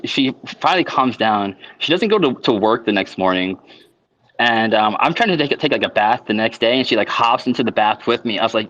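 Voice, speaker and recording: A man telling a long personal account in an unscripted monologue, halting, with constant restarts and filler words. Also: medium pitch, a bit bright, lo-fi sound. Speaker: vlogger.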